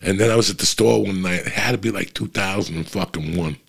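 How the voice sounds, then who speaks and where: Raspy, deep-voiced New man swearing through a story. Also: fast talker, fairly bright tone. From New Jersey. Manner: blunt and heavily profane, restless and swearing as he tells it. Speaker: comedian and podcast host. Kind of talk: profane storytelling on a podcast.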